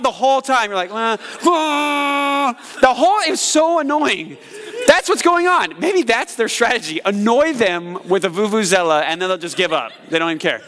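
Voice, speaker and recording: A man preaching a sermon as pastor, jokey and animated, acting out yells and voices. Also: very high voice, quick pace. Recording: hall reverb.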